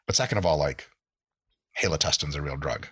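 A deep-voiced man talks on a podcast, his husky voice leaping up and down as he rants. He swears freely and piles up his points with restless energy. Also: brisk. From United States. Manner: animated, profane ranting. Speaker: podcast guest. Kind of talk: casual podcast chat.

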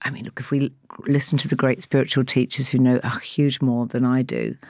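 Woman in her sixties, low voice, dry close sound, candid anecdotes, acts out voices, laughs often. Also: fairly even intonation, brisk, creaky, a little mellow, dry recording. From England. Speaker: guest. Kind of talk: candid conversational storytelling.

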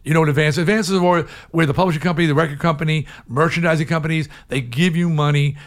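An older man, a guest in an interview, speaks fast in a voice pitched a little higher than most men's. He tells his story candidly and with lots of animation, shouting some points and letting others sink almost to a murmur.

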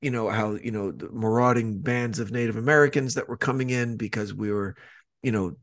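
A man's voice: lowish voice, fairly even intonation, brisk. Rambling, foul-mouthed man chatting. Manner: rambling, swears a lot, many restarts. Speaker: podcast co-host. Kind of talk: casual chat.

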